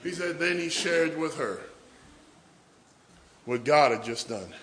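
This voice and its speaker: A middle-aged man preaching a sermon in church, telling a story and swinging from hushed asides to loud emphasis. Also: on the high side, lively intonation, slow, pauses often.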